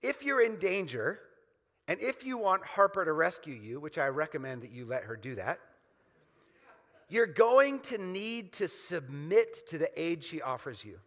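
Guy preaching a sermon, punchy and repetitive, bright tense tone, long echo like a big church. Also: on the high side, sing-song, a little slow. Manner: emphatic, repetitive call-and-response preaching. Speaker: pastor.

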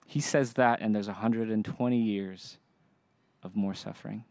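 A man's voice: fairly low pitch, steady tone, moderate pace, darkish tone. Earnest young male preacher. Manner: earnest, emphatic preaching with call-and-response. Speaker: pastor. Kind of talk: sermon.

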